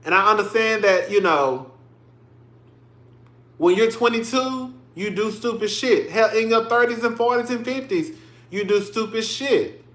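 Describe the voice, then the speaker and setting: Chatty high-voiced man on a livestream. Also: a little slow, a bit bright, reverberant. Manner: chatty, calls listeners "girl" and "y'all"; emotional, tearing up on stream. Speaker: livestream commentary host. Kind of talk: casual livestream commentary.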